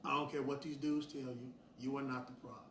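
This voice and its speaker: A man's voice: mid-range voice, flat delivery, brisk, a bit bright, slight background noise. A middle-aged man, hosting and speaking bluntly and preachily to the audience, with heated bursts. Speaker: host. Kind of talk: opinionated direct-to-camera talk. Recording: roomy sound from a distance.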